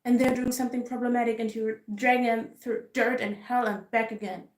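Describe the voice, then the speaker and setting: Brief: woman vlogger with a somewhat high voice, venting with frustrated emphasis; roomy, echoey recording. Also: steady tone, a little fast. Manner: frustrated, emphatic, repetitive ranting. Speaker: K-pop vlogger. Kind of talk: casual ranting commentary. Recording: roomy echo.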